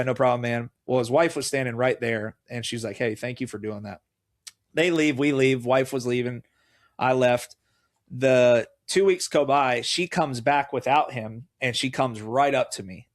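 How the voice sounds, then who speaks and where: A middle-aged man, a guest on a faith talk show, telling personal stories with lively acted-out dialogue. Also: mid-range voice. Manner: animated storyteller, acts out quoted dialogue. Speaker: guest, mayoral candidate. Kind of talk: casual faith conversation.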